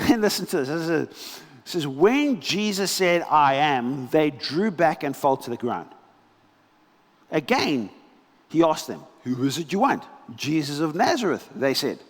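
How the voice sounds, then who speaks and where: A man preaching a sermon as pastor, telling scripture stories with animated, dramatic delivery and pauses. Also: a little high, long reverb tail. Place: church hall.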